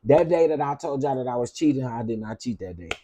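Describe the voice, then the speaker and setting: A man's voice: medium pitch, expressive, fast talker, warm tone, a little hiss or hum. A man hosting a cooking channel, chatting casually with his livestream viewers, greeting them by name and repeating himself often.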